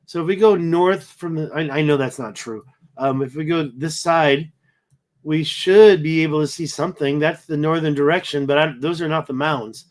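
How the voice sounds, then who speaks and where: This man has a somewhat high voice and sounds worn out. He hosts a casual livestream and rambles, thinking aloud as he looks over pictures. He keeps wondering out loud and trailing off. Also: moderate pace. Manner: rambling, thinking aloud while browsing photos. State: tired, yawning. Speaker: livestream host.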